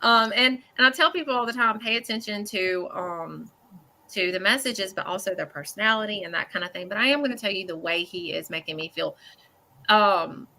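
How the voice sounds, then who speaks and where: She's a psychic medium reading live for a caller, her mid-range voice bright with a forceful edge. Her delivery is earnest yet halting, packed with fillers and repeated "okay?" checks, and plainly blunt.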